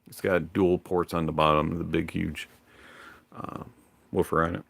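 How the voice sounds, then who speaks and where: A man hosting a livestream in a relaxed, rambling manner, pausing often on fillers. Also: low voice, vocal fry, no room sound. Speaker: livestream host. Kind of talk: casual livestream chat.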